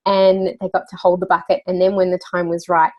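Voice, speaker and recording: A woman's voice: on the low side, level tone, brisk, dull audio. Chatty woman telling a story. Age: adult parent. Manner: chatty storyteller, laughs often, many fillers. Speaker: interview guest, children's wellbeing coach. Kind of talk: casual conversational interview.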